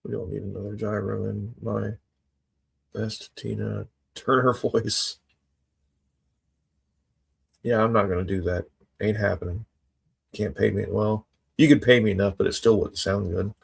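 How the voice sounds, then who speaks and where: A man's voice: fairly low pitch, fairly even intonation, a little slow, vocal fry, long pauses, husky. A man hosting a casual livestream, chatting with viewers in a laid-back, wry way. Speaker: livestream host reading chat. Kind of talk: casual chat.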